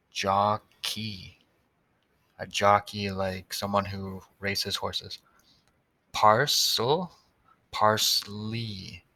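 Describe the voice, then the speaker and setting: A man's voice: lowish voice, sharp tone, no room sound. A man teaching a recorded tutorial for young students, patiently sounding out words and spelling them letter by letter.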